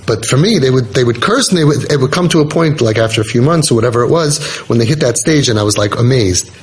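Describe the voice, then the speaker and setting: A man's voice: mid-range voice, animated, fast, a little hiss or hum, poor audio. A man hosting a parenting podcast, telling a true story in an earnest, casual way and repeating key points for emphasis.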